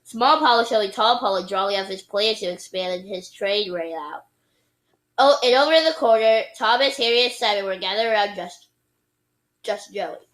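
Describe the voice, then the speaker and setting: A woman's voice: mid-range voice, normal speed, a bit bright, poor audio. A woman reading a children's book aloud expressively, with playful sound effects and occasional slips. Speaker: reader.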